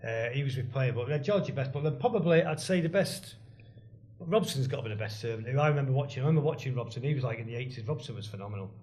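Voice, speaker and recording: A man's voice: mid-range voice, expressive, very fast, darkish tone, a little hiss or hum. A man, a guest telling rambling stories full of restarts and asides in casual chat. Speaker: guest, former band drummer.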